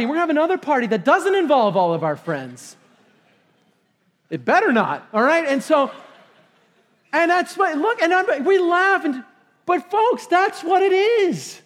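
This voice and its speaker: Excitable high-voiced pastor preaching. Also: male voice. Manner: excitable, bursts into shouts then reins himself in. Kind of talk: sermon. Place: church sanctuary.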